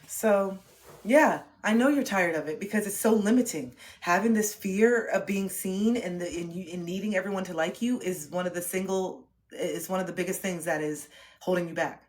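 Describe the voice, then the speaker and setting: A woman's voice: fairly low pitch, normal speed. A young woman livestreaming an intense motivational pep talk, preachy and full of swearing.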